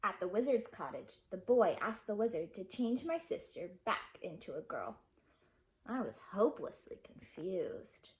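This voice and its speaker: Expressive woman teacher reading aloud. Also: medium pitch, normal speed, few pauses. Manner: expressive, dramatic read-aloud. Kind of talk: reading a picture book aloud.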